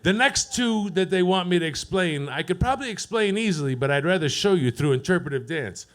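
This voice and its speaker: A man doing a profane stand-up set at an open mic, deadpan and teasing the crowd. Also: high voice, fairly quick. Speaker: stand-up comedian. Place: comedy club stage.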